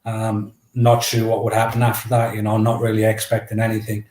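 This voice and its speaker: A man's voice: lowish voice, a little fast. Chatty man telling a story. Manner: lively, anecdotal, acts out dialogue. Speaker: guest, memoir author. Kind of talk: casual storytelling. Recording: roomy echo.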